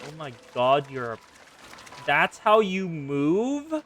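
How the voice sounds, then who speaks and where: A man's voice: a little high, big pitch swings, takes it slowly, recorded from a distance, over music. A young man streaming a game, chatting casually, muttering to himself, swearing and talking to objects on screen. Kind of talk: casual gameplay commentary.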